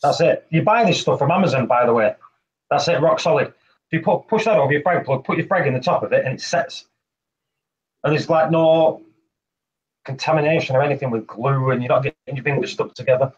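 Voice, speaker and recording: A man's voice: mid-range voice, brisk. A man hosting a casual live stream, chatty and repetitive, explaining each step as he demonstrates. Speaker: reef-keeping show host. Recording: slightly muffled live-stream audio, faint hiss.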